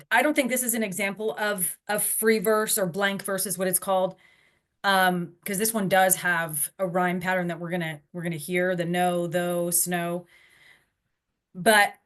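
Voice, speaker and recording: A woman's voice: on the low side, a bit bright. A woman giving an online lecture in a conversational way, with frequent fillers and restarts.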